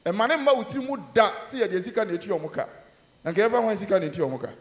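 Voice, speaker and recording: A man with a Ghanaian accent preaching a sermon in a church, mixing Twi and English, emphatic with loud rises and low murmurs. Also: animated, rapid-fire, echoey room.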